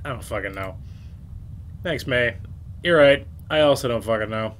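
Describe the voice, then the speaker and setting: A man's voice: medium pitch, normal speed, a bit bright, slight background noise. Man, let's-play commentator, rambling and self-mocking, casual swearing. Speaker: game streamer.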